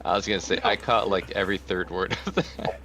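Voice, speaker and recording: A man's voice: low-pitched, fairly even intonation, brisk, heavy background noise. A man joining a game livestream in casual chat, laid-back and a little hesitant.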